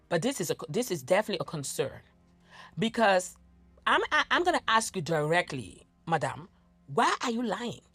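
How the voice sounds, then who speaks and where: A woman's voice: medium pitch, fairly bright tone, no room sound. A woman giving sarcastic, scolding reaction commentary on video clips, mocking and challenging the person she watches.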